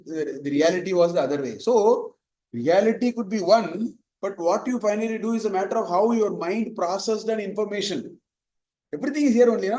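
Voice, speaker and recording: A man teaches a Vedanta lesson, telling little stories and working Sanskrit verses into an easygoing, digressive explanation. His voice sits high for a man, and the recording picks up a roomy echo around him. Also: mellow. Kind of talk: spoken scripture lesson.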